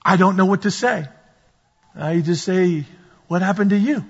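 A man preaching a sermon as pastor, animated and storytelling, sometimes shouting at the peaks. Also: high voice, normal speed, slightly rough. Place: church sanctuary. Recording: dull sound in a large reverberant hall.

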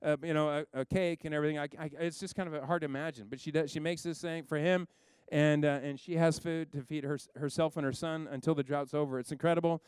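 A man delivers a sermon with lively storytelling, acting out the people in his Bible story. His voice is smooth, clear and a little high, and it is recorded dry and close. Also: fast, dry recording. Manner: animated storytelling, acts out biblical figures with a raised voice. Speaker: preacher.

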